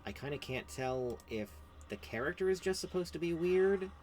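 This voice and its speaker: Sarcastic, animated gaming streamer man. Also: a little high, moderate pace, faint music behind. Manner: sarcastic, swears, laughs often, animated. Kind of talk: gameplay commentary.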